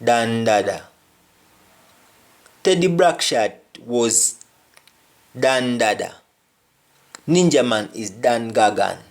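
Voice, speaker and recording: Man, Jamaican accent, unhurried teaching delivery, repeats key words, lesson. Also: medium pitch, animated. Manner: deliberate, repeats example words. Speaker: language teacher. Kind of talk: language lesson.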